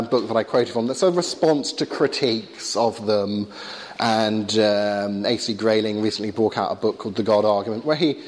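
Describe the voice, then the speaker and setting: A man answering audience questions after a lecture, talking conversationally with many fillers and restarts. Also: mid-range voice. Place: large stone church. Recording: long church reverb.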